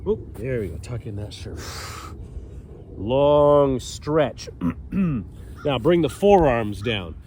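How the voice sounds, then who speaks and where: Slow-talking fifty-year-old male fitness coach. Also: mid-range voice, lively intonation, a little mellow, slight background noise. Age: 50s. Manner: upbeat, jokey, cues movements while doing them. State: a little stuffy, clears throat often. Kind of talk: guided stretching instruction. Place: outdoors on a mat on grass.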